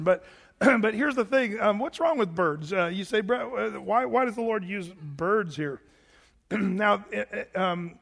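A man's voice: sits high, fairly bright tone, in a large hall. A man preaching a sermon to his congregation in a church sanctuary, talking casually with many restarts and fillers. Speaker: pastor.

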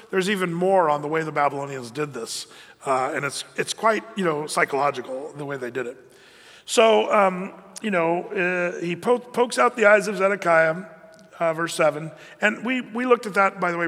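A middle-aged man preaching a conversational, animated sermon as a pastor, with frequent restarts. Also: high voice, big-room sound.

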